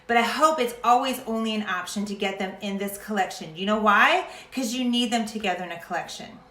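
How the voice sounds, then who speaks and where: A woman's voice: mid-range voice, fairly quick, sharp tone, roomy sound. A woman talking casually to camera about essential oils in a chatty, passionate way that sometimes turns into a rant. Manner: chatty and passionate, ranting at times. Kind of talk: casual vlog talk to camera.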